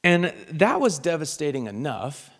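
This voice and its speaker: A male pastor delivers an earnest, heartfelt sermon built around a personal story. His voice sits a little high and has a gravelly edge. Long reverb from a large hall trails after every phrase. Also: sing-song, moderate pace.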